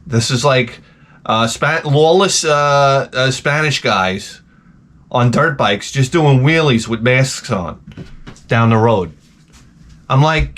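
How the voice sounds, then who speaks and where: A man's voice: medium pitch, slow. A middle-aged man, ranting in a rambling, profane comedic monologue. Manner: rambling, profane, animated storytelling. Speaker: comedic host.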